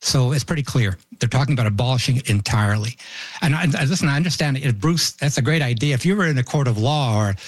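Measured male studio analyst. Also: medium pitch, expressive, dry recording. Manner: measured, explanatory.

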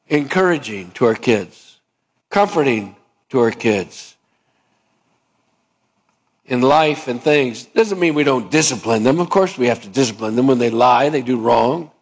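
A man preaching a sermon as a pastor, talking in a conversational way, asking questions of his listeners and reading scripture aloud. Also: a little high.

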